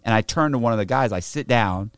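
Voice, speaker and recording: A man casually telling a rough story, swearing a lot and acting out the other people in it. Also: mid-range voice, quick pace, no echo, clean studio sound. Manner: profane, animated, acts out other people's voices. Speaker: guest telling a prison story.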